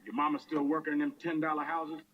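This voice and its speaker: A man's voice: on the high side, flat delivery, fast, dull audio. A man co-hosting a radio show, throwing in short teasing jokes from off-mic.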